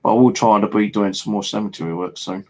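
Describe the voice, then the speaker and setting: Low gravelly English bloke, casual storytelling vlogger, loose and rambling, lots of fillers and swearing. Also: male voice, steady tone, fast talker, darkish tone. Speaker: paranormal vlogger. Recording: home video monologue.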